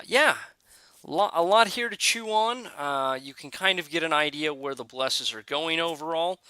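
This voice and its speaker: A man giving casual, halting commentary on a strategy game update, with frequent fillers and restarts. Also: on the high side, pushed and bright, smooth, dry recording. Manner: hesitant, many "uh" fillers and restarts. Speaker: gaming video creator.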